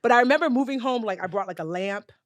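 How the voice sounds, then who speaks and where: A woman in her forties telling a personal story as a guest in an interview, animated and acting out other people's voices. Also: a little high, quick pace, dry recording. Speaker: guest, personal finance educator.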